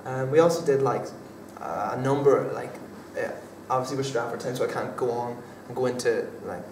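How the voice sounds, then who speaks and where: A young man talks through his acting work in a hesitant, halting way, full of fillers and restarts. His voice stays flat and even. He sounds distant, in an echoey room with a faint hum of noise behind him. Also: mid-range voice. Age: young adult. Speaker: drama student actor being interviewed. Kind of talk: casual interview answers.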